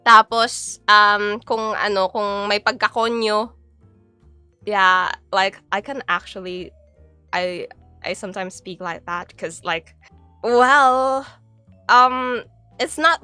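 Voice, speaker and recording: A woman's voice: medium pitch, slow, pauses often, bright, forceful tone, clear, resonant tone, dry recording, faint music behind. A young Filipino woman with a Filipino accent, chatting casually on a live stream, giggly and mixing Tagalog with English. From Philippines.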